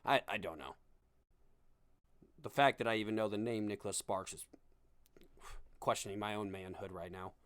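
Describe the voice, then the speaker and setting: A man's voice: lowish voice, moderate pace, pauses often, fairly bright tone, clear, resonant tone, no room sound. A young man hosting a podcast, delivering a sarcastic comedic rant with self-deprecating asides. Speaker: podcast host. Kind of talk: comedic monologue.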